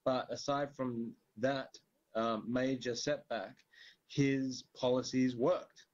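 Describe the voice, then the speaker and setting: A man's voice: medium pitch, fairly even intonation, takes it slowly, darkish tone. A man talking politics casually, rambling with many fillers and the odd curse word. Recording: dull lo-fi recording.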